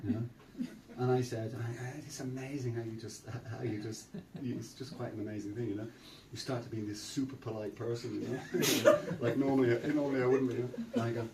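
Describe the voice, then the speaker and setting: A man's voice: medium pitch, steady tone, fast, noisy background. An older Irish man giving a chatty storytelling talk at a temple, full of fillers and repeats. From Ireland. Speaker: preacher. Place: temple hall. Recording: roomy sound from a distant mic.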